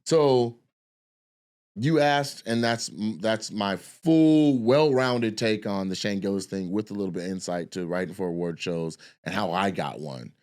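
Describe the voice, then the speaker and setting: Here a man in his forties with a lowish, darkish voice speaks at a measured pace. A comedian and podcast host, he spins a loose, profane tale in a casual way, rambling and performing the voices of the people he quotes.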